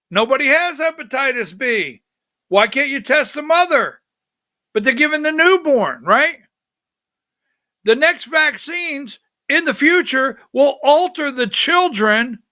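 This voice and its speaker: Hosting a political talk livestream, an older man speaks in a very high, bright, forceful voice, captured in studio quality without echo. He rambles chattily across topics and directs his producer mid-show.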